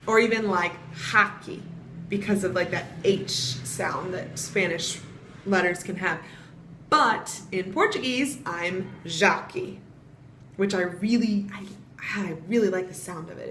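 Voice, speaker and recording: A woman's voice: medium pitch, a bit bright. A young woman from the United States, chatting casually as she explains pronunciation and spells words out letter by letter. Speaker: vlogger teaching Portuguese pronunciation. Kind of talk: casual vlog lesson. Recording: echoey room with faint ambient noise.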